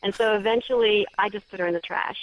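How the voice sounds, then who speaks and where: A woman's voice: medium pitch, steady tone, quick pace. A woman author telling a story as an interview guest, chatty and earnest. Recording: dull dry lo-fi sound.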